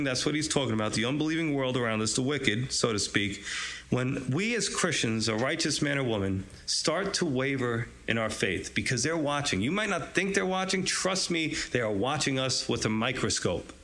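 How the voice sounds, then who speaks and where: A man's voice: mid-range voice, a bit bright. Chatty man teaching a casual sermon. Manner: conversational, chuckles often, many fillers and asides. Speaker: pastor teaching a Bible study.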